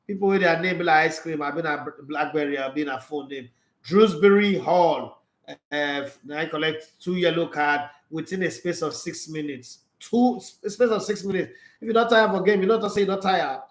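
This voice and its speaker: Excitable Nigerian man in echoey room. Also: fairly high pitch, normal speed. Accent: Nigerian Pidgin English. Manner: excitable, laughing, mixing Pidgin and English. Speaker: sports channel host. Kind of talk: live football commentary chat.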